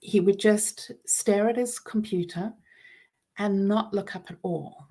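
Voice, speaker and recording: Woman, 40s, mid-pitched, earnest personal talk with soft reflective pauses. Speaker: speaker on trauma and healing.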